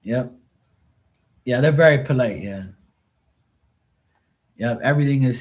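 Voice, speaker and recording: A man's voice: mid-range voice, unhurried, long pauses. A man chatting casually on a live tarot stream, rambling and swearing freely. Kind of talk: casual livestream chat.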